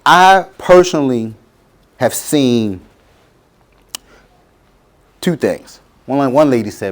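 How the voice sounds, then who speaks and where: A man's voice: medium pitch, expressive, slow pace, pauses often. A middle-aged man, giving a motivational talk to students and acting out quotes in changing voices. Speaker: guest speaker.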